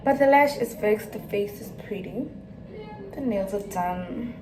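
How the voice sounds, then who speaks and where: A young woman chatting excitedly and rambling to her viewers in a casual vlog. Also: on the high side, normal speed. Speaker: vlogger. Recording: roomy, distant mic, noisy background.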